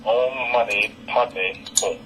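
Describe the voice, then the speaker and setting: A man's voice: medium pitch, fairly even intonation, slow pace, music in the background, rough recording. A man as a student on a remote call, answering in short, compliant repetitions. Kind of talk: repeating syllables on a call. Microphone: remote audio call, no camera.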